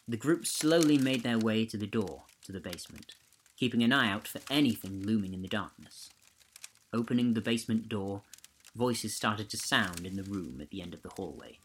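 A man hosting a podcast, reading a ghost story aloud in a steady, measured way. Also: on the low side, slight background noise, low-quality recording. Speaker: podcast host and narrator.

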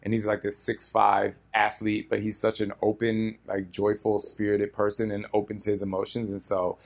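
A man's voice: fairly low pitch, monotone, normal speed, gravelly. A man speaking as a featured guest at a live audience Q&A, earnest and emotional, rambling as he goes. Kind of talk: heartfelt live Q&A talk.

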